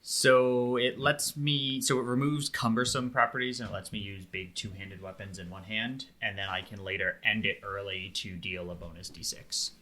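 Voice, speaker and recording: Low, bright man explaining game rules. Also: steady tone, moderate pace, hardly any pauses. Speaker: player. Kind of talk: casual tabletop game chat.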